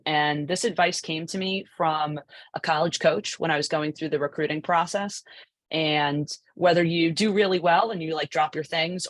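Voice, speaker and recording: A woman's voice: low voice, dry recording. A woman coach giving a conversational presentation, chatty, full of asides and rhetorical "right?" tags. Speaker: lacrosse goalie coach presenting.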